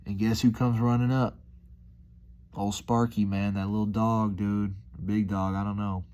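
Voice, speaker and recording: A relaxed man muses out loud in a loose, rambling way, tossing in dude and man. His voice sits low and mellow. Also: a little slow. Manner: laid-back, rambling, says dude and man a lot. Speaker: vlogger. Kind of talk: casual reflective monologue.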